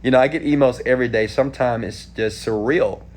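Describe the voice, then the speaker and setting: A man in his thirties from Houston, Texas, answering viewer questions in a casual live stream, animated and talking straight to viewers. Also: medium pitch, a little fast. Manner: animated, talks straight to viewers with frequent "okay?".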